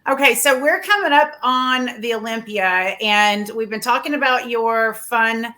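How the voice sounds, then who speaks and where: A woman's voice: a little high, a little slow, pushed and bright. A woman hosting a casual interview show, speaking in an effusive, gushing way. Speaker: talk show host.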